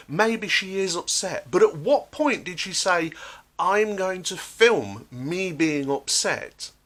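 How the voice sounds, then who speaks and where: A man's voice: medium pitch, a bit bright. A man delivering an emphatic, sarcastic ranting monologue. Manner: emphatic, sarcastic, acts out quotes. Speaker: vlogger.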